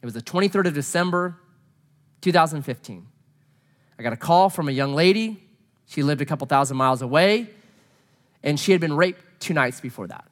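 An adult married man shares a personal story during a sermon to a gathering, speaking earnestly and briskly with frequent pauses. His expressive delivery drops to hushed low tones, then builds to emphatic pleas.

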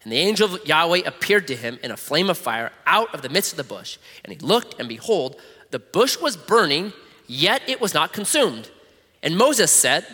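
A man preaching a sermon, reading scripture with animated, conversational, jokey asides. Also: on the high side, normal speed, in a large hall. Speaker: pastor.

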